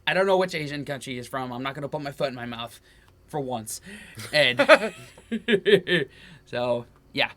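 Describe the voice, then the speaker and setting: A man's voice: medium pitch, lively intonation, normal speed, pushed and bright. An American man co-hosting a reaction video in eager, casual chat full of hesitant fillers. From United States. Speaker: co-host of a reaction channel.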